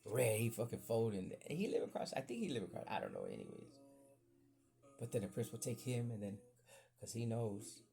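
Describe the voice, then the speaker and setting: A man's voice: on the low side, fairly quick, gravelly. A man hosting a podcast, telling a rambling childhood story in casual chat, acting out the people he quotes. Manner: rambling, animated, acts out voices in quotes. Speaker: podcast host.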